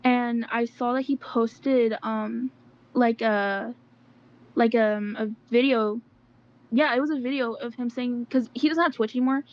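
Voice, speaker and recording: A woman's voice: a little high, steady tone, a little slow. A young woman being interviewed, rambling casually with lots of "like" and "um" and some slang. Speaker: interview guest. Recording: dull, slightly lo-fi audio with faint noise.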